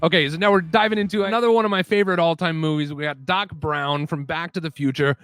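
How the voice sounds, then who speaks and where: A man's voice: fairly high pitch, steady tone, fast, fairly bright tone, clean tone, no room sound. A young man chatting casually and self-deprecatingly as the host of a voice-impression video. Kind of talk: casual chat.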